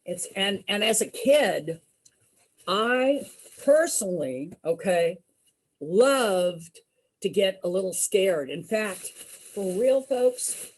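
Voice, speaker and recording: Casting note: female storyteller, husky, swooping pitch, slow and dramatic, quizzes the audience. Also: animated. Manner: dramatic, asks the audience questions. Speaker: children's entertainer and storyteller.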